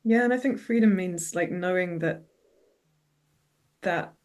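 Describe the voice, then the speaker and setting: A podcast guest in a casual chat, talking in a quick and reflective way. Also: mid-range voice, darkish tone.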